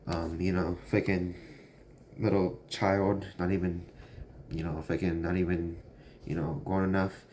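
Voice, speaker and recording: A young man with a very low voice tells a story in a loose, rambling way, packing it with fillers. It sounds like a casual vlog monologue, with faint noise in the background. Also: flat delivery, measured pace, a little mellow. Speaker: vlogger.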